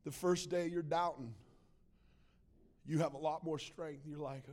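A man preaching a sermon to a church congregation, swinging between loud acted-out quotes and quiet, low asides. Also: expressive, measured pace. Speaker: pastor.

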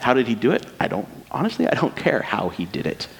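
A man's voice: mid-range voice, huge pitch swings, quick pace. A man pastor giving a casual sermon, conversational and joking, with many rhetorical questions. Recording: long hall reverb.

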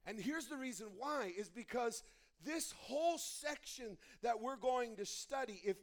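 High-voiced man preaching with restarts. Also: measured pace. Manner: animated storytelling, many restarts. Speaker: pastor. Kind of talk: sermon.

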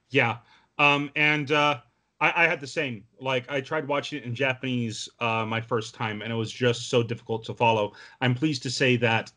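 A man co-hosting a podcast in relaxed casual chat, steering the talk along. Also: medium pitch. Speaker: podcast co-host.

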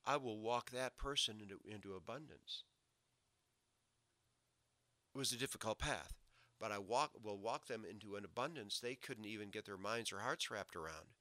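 A man preaching a sermon, swinging from loud emphatic lines to low quiet asides. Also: a little fast, no echo. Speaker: pastor.

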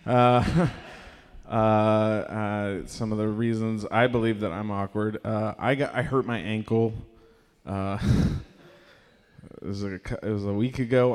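A man doing a stand-up set in a small performance space, with an awkward, halting delivery full of fillers and sudden shrieking impressions. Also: on the low side, darkish tone. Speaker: stand-up comedian. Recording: live room with long reverb.

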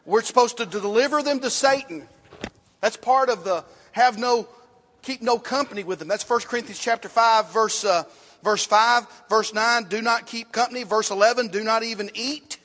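High-voiced man teaching a Bible class. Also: normal speed, fairly bright tone. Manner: asks the class questions, repeats himself, writes on a board. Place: church classroom. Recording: long reverb in a hall.

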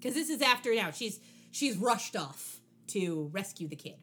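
A young adult woman, a podcast co-host, recaps a TV episode in a casual chat with wry, animated energy, acting out lines from the show. Her voice is mid-range and her pace moderate.

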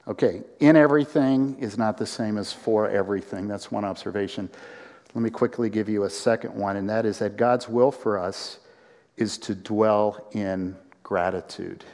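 A man preaching a sermon to a congregation, animated, with acted-out quotes and rising emphasis. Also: on the low side, moderate pace, big-room sound. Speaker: pastor.

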